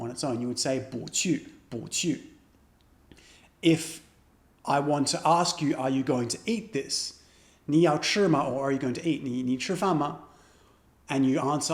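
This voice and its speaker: Man teaching a lesson in a roomy space. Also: medium pitch. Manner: patient, repeats example phrases. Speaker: Chinese language teacher. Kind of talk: explaining a language lesson.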